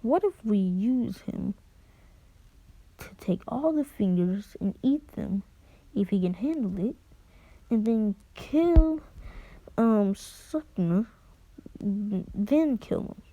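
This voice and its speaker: A woman's voice: mid-range voice, animated, takes it slowly, pauses often, warm tone, no room sound, low-quality recording. A woman voicing a scheming adult male sorcerer who plots to save his son. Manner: plotting, persuasive.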